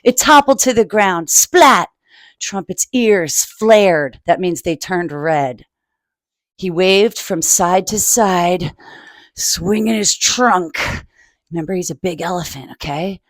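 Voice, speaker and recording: A woman's voice: fairly low pitch, dry recording. A woman reading a picture book aloud to children and adding her own asides. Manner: slow, adds asides for children.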